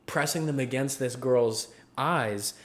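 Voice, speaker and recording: A man's voice: medium pitch, takes it slowly. A man co-hosting a podcast, telling a story in casual chat and acting out the people in it with bursts of laughter. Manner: animated storyteller, acts out quotes with laughs. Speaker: podcast co-host.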